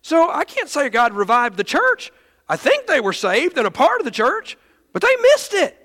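Male pastor, high voice, animated storytelling sermon, long hall echo. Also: moderate pace. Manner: animated, laughing storyteller with stumbling restarts.

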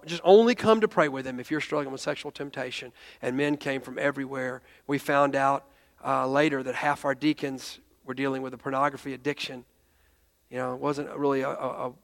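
A high-pitched man preaches, earnestly retelling events and slipping into the voices of people in his story. He stammers and restarts as he goes. A long reverb trails his words through the sanctuary. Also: a bit bright. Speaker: pastor. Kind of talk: sermon storytelling.

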